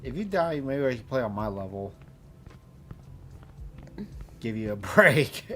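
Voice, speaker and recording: Man, co-streamer, teasing, dry quips, animated pitch, clear music behind. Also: measured pace. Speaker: co-host. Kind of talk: casual gaming chat.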